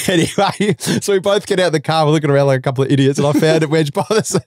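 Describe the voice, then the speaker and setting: A young Australian man, a comedian and podcast guest, telling a story in an animated way, often laughing and acting out voices. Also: a little high, fast talker, hardly any pauses, no room sound, clean studio sound. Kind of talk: comic storytelling in casual chat.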